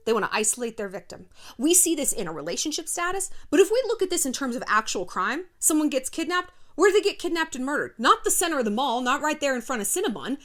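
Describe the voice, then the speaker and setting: A woman's voice: high voice, fairly bright tone. A woman in her thirties hosting a casual commentary video, brash and sassy, swearing and acting out quotes. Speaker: YouTube host.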